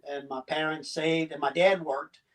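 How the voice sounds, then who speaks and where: A Cuban-born man in his sixties with a slight Southern US accent, telling his story as a guest in a casual interview, halting and chuckling as he goes. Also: a little high, fairly even intonation. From Cuba. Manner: halting, chuckling, many restarts. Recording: distant mic.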